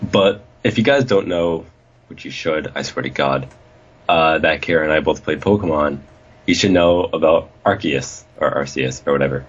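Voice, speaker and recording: Deep husky-voiced young man joking around. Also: moderate pace. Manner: rambling, jokey, profane. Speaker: podcast co-host. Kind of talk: casual wrestling review chat. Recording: dull lo-fi recording.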